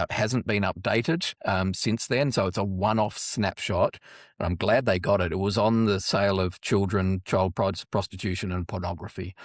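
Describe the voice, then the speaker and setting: Middle-aged Australian man, lowish voice, rambling interview storyteller with many restarts. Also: dry recording, clean studio sound. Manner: rambling, many restarts, animated when quoting. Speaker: guest, anti-trafficking charity worker.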